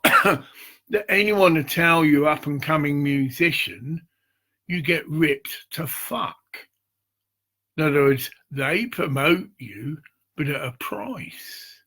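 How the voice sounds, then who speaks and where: A man giving a rambling, informal pitch for a charity promotion project, swearing freely and checking in with "see?" and "get it?". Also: vocal fry, bright, forceful tone, breathy edge. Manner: meandering, profane, repeats "see" and "get it".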